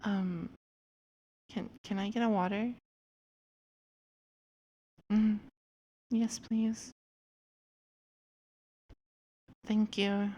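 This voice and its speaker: A woman voicing an extremely shy young dog girl, speaking very quietly and stammering her requests. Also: on the low side, little pitch movement, very slow, few pauses, muffled recording, exaggerated voice. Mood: timid. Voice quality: very quiet, barely audible. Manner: hesitant, stammering pleas. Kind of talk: role-play character voice.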